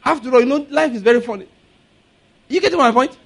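High-voiced pastor preaching. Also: male voice, fairly quick, gravelly, breathy edge. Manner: humorous, laughing asides, leads congregation in declarations. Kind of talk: sermon with call-and-response.

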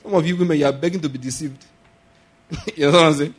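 Husky man preaching. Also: fast talker. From Nigeria. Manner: preaching with sudden rises to loud, high emphasis and laughter. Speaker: pastor. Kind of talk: sermon.

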